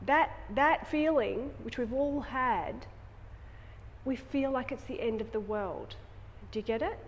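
Here a woman teaching yoga uses a high voice at a measured pace, wandering through casual talk full of tag questions before she starts a guided relaxation. There's a bit of hiss or hum, and the studio echoes with a long reverb.

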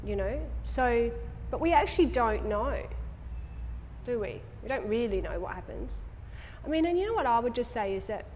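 A woman's voice: a little high, animated, moderate pace, darkish tone, a little hiss or hum. A woman talking to a yoga class, rambling and conversational, asking the class many tag questions before leading a guided relaxation. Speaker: yoga teacher. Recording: echoey studio with long reverb.

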